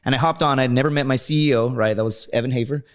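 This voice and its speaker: A man telling rambling, profane stories in casual podcast chat. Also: medium pitch. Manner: profane, rambling, fast storyteller. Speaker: guest. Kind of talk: casual storytelling.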